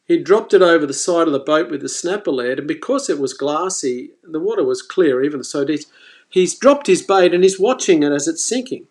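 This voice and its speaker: Animated man telling a fishing story. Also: fairly high pitch, a little fast. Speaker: fishing presenter. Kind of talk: live stream storytelling.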